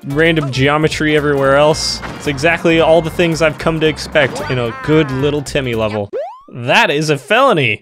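A young man giving comedic, sarcastic commentary while playing a level, breaking into loud exasperated outbursts. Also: a little high. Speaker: gaming YouTuber. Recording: game music under voice. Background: background music.

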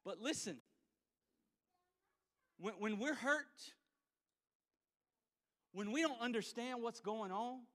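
High bright-voiced preacher in a reverberant church. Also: male voice, animated, slow, pauses often. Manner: acts out scenes with volunteers, shifting between loud and hushed. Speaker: pastor. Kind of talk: sermon. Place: church sanctuary. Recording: church hall with long reverb.

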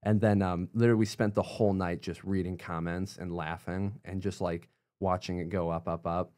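A young man telling a story as a podcast guest, animated, with many fillers and quotes acted out in a much higher voice. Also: brisk. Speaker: guest, YouTuber. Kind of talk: casual storytelling interview.

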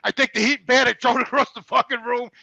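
A man's voice: extremely high pitch, little pitch movement, fast talker, vocal fry, pushed and bright, dry recording, dull audio. A middle-aged man, a truck driver, telling long blunt stories with constant swearing in a rambling, casual way. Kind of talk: casual storytelling.

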